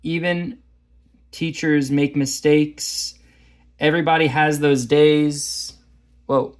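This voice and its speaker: A man with a fairly high-pitched, steady voice leads a math lesson slowly, going through graphing problems. His casual walkthrough is chatty, and he often jokes at his own expense.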